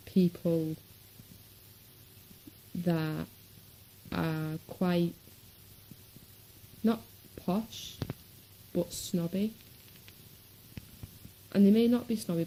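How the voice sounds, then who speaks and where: A woman's voice: on the low side, mellow, slight background noise, poor audio. A woman from Manchester with a Manchester accent, chatting casually in a rambling vlog with lots of ums. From Manchester, England. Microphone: webcam.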